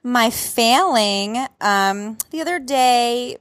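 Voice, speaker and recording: A woman's voice: a little high, lively intonation, drawn-out words, fairly bright tone, no room sound. A woman in her thirties, co-hosting a casual chat, telling stories with animation and laughter. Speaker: podcast co-host.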